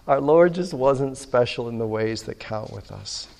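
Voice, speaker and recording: A pastor delivers a sermon, telling stories with animation and voicing the dialogue himself. His medium-pitched voice has some vocal fry and a slightly mellow quality, and the recording carries a long hall reverb.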